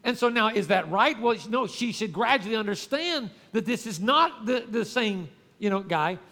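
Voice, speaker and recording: Male pastor, high voice, conversational sermon with call-outs to the congregation, church hall with long reverb. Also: lively intonation, normal speed, sharp tone.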